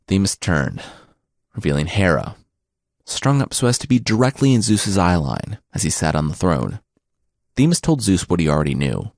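A man narrating myths for a podcast with wry, deadpan asides. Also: low-pitched, no room sound, clean studio sound. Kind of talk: comic mythology storytelling.

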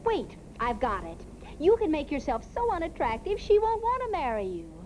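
An actress playing a quick-witted young woman who teases her father in a sarcastic 1950s sitcom style. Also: sits high, huge pitch swings, a little mellow, a little hiss or hum, low-quality recording. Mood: scheming. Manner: teasing, sarcastic. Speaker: daughter in a sitcom.

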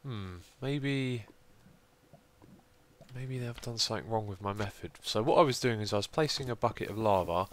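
A young man in groggy morning voice, calmly narrating his building work in a casual gameplay commentary with frequent ums. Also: fairly low pitch, fast, few pauses, slight background noise. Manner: steady, explanatory, frequent ums. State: groggy morning voice, deeper than usual. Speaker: let's play host.

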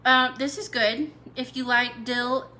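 A woman's voice: high-pitched, flat delivery, slow, pushed and bright, slight background noise. A young adult woman hosting a cooking video, chatting casually to her viewers with playful asides. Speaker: cooking channel host. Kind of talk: casual live video chat.

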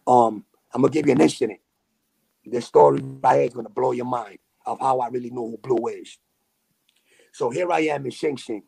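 Gravelly New man telling a story. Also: medium pitch, fairly quick. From New York City. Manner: animated street slang with sound effects. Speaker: podcast guest. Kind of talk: casual storytelling.

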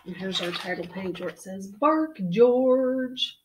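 A woman's voice: lowish voice, monotone, a little fast, a bit bright, distant mic, a little hiss or hum. A woman librarian reading a picture book to children, enthusiastic and coaxing, with gasps of mock surprise. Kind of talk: storytime read-aloud for children. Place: at home.

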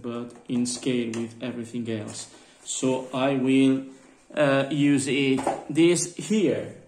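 A man, chatting casually in a collector vlog, halting with many fillers and calling his viewers guys. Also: mid-range voice, dark tone. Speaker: vlogger. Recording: roomy with faint background noise.

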